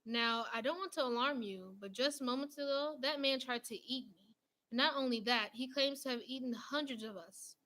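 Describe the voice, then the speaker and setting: A woman's voice: moderate pace, pushed and bright. A woman voicing a fussy, indignant male talking doughnut in a read-aloud storybook. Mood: overly polite. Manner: polite, then shrill and outraged.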